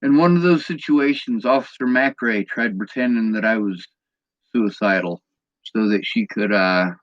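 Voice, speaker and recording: A man's voice: mid-range voice, no room sound, highs cut off. A man in an angry personal vlog rant, bitter and agitated, swearing often.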